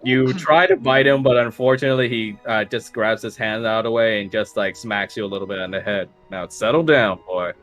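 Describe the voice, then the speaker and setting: A man's voice: lowish voice, steady tone, brisk, hardly any pauses, a bit bright, soft background music, poor audio. A man narrating a tabletop game as game master, casual and full of fillers.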